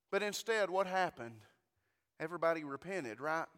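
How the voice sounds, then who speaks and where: Bright-voiced man preaching with amens. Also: high voice, measured pace, pauses often, clear, resonant tone, long reverb tail. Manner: conversational preaching, asks the congregation for amens; repeats words when starting a phrase. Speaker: pastor. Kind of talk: sermon.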